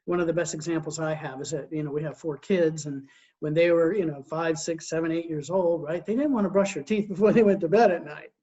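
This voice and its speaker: A man's voice: a little high, brisk, dark tone. A middle-aged man coaching in an earnest, conversational way. He often repeats words as he starts a sentence and asks his listeners rhetorical questions. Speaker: Christian leadership coach. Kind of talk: conversational teaching talk. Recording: dull lo-fi recording.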